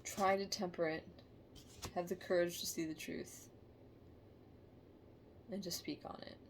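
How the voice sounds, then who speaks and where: A woman giving a casual tarot reading to camera, halting and emotional, sighing and musing aloud. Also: lowish voice, fairly even intonation, a little hiss or hum. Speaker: tarot reader.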